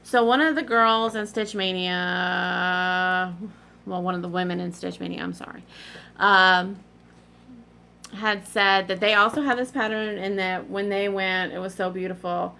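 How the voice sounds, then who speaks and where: A woman's voice: medium pitch, fairly even intonation, measured pace, vocal fry, pushed and bright. A middle-aged woman rambling in a casual, digressive chat to her vlog audience, often apologizing in asides. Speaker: cross-stitch vlogger.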